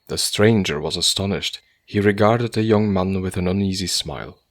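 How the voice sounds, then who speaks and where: Male narrator, low pitch, measured storytelling, dry close-miked audiobook sound. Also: fairly even intonation, a bit bright, no room sound.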